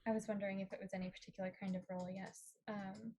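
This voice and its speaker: Woman player, husky voice, hesitant, lots of fillers. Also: medium pitch, flat delivery, fast, mellow. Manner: hesitant, many ums. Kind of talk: casual play at a tabletop game.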